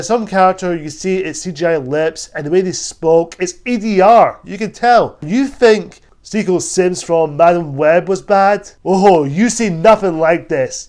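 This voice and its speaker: A man's voice: sits high, a little mellow. A young man reviewing a movie on his own, blunt and exasperated, often repeating himself. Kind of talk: solo film review rant.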